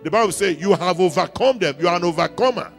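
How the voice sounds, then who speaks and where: A Nigerian pastor preaches with emphatic repetition, drawing answers from his congregation. His voice sits a little high and carries a gravelly edge. Faint music plays behind him in the church. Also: expressive, quick pace. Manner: emphatic call-and-response preaching, repeating lines. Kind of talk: sermon.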